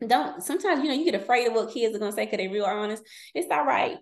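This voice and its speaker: A woman's voice: on the high side, fast talker. A woman in her forties, a podcast guest, telling personal stories candidly in casual chat and laughing often. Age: 40s. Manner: candid storytelling, laughs often, slips into quoted voices.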